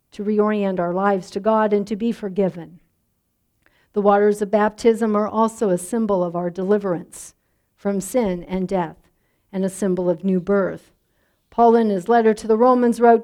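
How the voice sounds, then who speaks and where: Woman pastor, sermon, measured and reflective, soft endings. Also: medium pitch.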